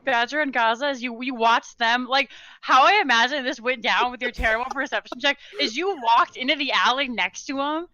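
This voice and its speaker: Bright-voiced woman running a tabletop game. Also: high-pitched, brisk, hardly any pauses, no echo, muffled recording. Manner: casual, hesitant, many fillers. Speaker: game master.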